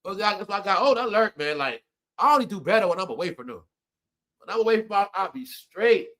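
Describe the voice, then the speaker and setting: A middle-aged man hosts a casual live stream and tells stories about his family. His voice sits high for a man and sounds bright and sharp. He chuckles through his lines and swings between loud bursts and low mutters. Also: lively intonation, fast talker. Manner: laughs often while telling stories. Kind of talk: casual storytelling to viewers.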